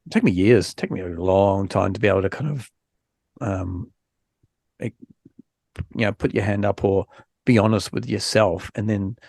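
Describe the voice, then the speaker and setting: A man hosting a podcast, chatting frankly with lots of fillers and restarts while low on energy after an illness. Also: moderate pace, creaky, pauses often, a little mellow, no room sound, studio quality. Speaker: podcast host. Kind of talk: casual podcast chat.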